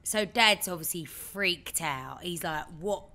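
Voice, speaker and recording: A woman co-hosting a podcast, telling a story in a lively way and acting out other people's lines. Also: on the low side, takes it slowly. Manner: animated storyteller, acts out her dad's lines. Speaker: podcast co-host. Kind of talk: casual chat, storytelling.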